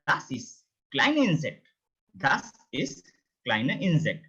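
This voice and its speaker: A man's voice: mid-range voice, wildly swooping pitch, takes it slowly, fairly bright tone, slightly rough. A man teaching a beginner language lesson, repeating each word several times. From India. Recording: dull, lo-fi sound.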